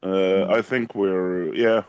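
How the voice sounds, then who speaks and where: A man's voice: low-pitched, fairly even intonation, slow, soft background music. A man with a Swedish accent playing a tabletop game, giving brief, hesitant answers. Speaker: player. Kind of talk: casual tabletop play.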